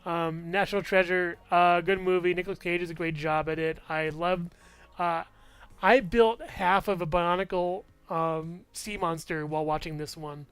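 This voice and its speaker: A man's voice: high-pitched, fairly even intonation, moderate pace, fairly bright tone, smooth, no room sound. A man casually reviewing movies in a vlog, rambling, full of fillers and restarts, chuckling often.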